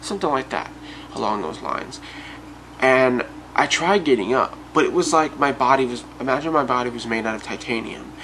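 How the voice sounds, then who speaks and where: A man's voice: medium pitch, lively intonation, moderate pace, a bit bright, slight background noise, rough recording. A man telling a personal story and talking casually and directly to his viewers. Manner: chatty, addresses viewers directly. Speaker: YouTube storyteller.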